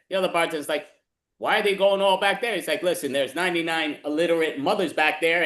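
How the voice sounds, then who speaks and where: A man's voice: on the high side, fairly bright tone. A man rambling through improvised bar jokes in an online comedy game. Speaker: improv player. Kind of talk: casual joke telling. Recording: echoey room.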